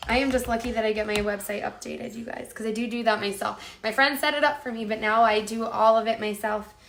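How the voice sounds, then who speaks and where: A woman with a fairly high, fairly bright voice hosts a home cooking livestream, speaking a little fast with fairly even intonation. Chatty and upbeat, she reads out viewer comments and calls her audience "you guys."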